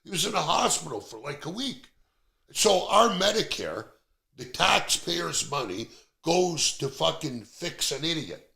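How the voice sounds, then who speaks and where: A man's voice: a little high, big pitch swings, a little slow, gravelly, sharp tone. A middle-aged man from Canada, hosting a podcast and ranting bluntly with plenty of profanity in casual chat. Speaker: podcast host.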